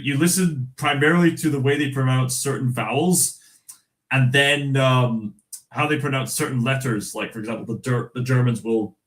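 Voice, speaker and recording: On a rough recording, a Scottish livestream host with a medium-pitched, somewhat bright voice chats casually while reading the news aloud. He chuckles frequently and stumbles through many fillers and restarts.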